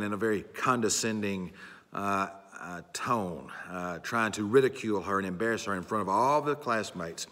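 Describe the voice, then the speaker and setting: A man's voice: on the low side, normal speed, fairly bright tone. A man preaching a sermon in an earnest way, repeating his key phrases. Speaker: pastor. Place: church sanctuary. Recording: long church hall reverb.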